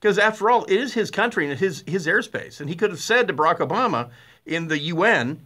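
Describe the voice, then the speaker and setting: A middle-aged man hosting a talk radio show, with a blunt, sarcastic and animated way of talking, full of fillers and restarts. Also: a little high, a little fast. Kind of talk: opinionated talk radio monologue.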